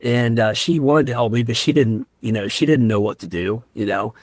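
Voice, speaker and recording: A man's voice: mid-range voice, moderate pace, darkish tone, no room sound. A firefighter and paramedic from Central Ohio, a man, earnestly telling a personal story as a podcast guest. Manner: earnest and heartfelt, emotional while recounting. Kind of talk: candid interview storytelling.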